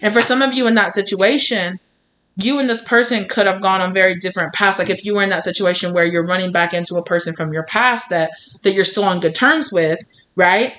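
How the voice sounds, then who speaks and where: A woman reads tarot for her viewers in a loose, chatty way. She rambles and circles back, filling her talk with "like" and "you know." Her voice sits at an ordinary middle pitch. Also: fairly quick, a bit bright. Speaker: tarot reader. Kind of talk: casual tarot reading to viewers.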